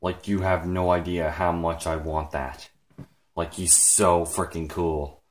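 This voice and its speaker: A man vlogging casually, rambling with lots of fillers, excited and emotional to the point of near tears. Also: sits low, unhurried. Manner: rambling, heavy use of "like" and "frickin'". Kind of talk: casual vlog talk.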